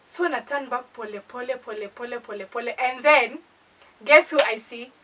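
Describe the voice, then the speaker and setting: Speaking at a normal speed in a slightly high voice, this young Kenyan-accented woman animatedly spins a playful storytime during a casual chat, acting out asides as she goes. She sits far from the mic, and the rough recording carries slight background noise.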